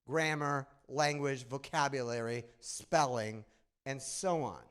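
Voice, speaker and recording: A middle-aged man with a nasal Midwestern accent gives an animated conference talk, telling stories and asking the audience questions. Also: high-pitched. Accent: Midwestern American. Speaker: conference presenter. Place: conference room.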